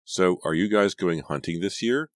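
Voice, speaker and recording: A man's voice: low voice, normal speed, dry recording, studio quality, voice pushed up, natural voice. A man reading the lines of a bold, thoughtful teenage girl in an audiobook, speaking in a challenging yet thoughtful way. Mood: matter-of-fact.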